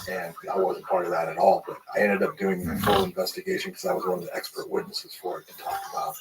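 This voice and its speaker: Deep-voiced ex-cop, matter-of-fact. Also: male voice. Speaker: former police officer guest. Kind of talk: casual conversation. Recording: distant microphone.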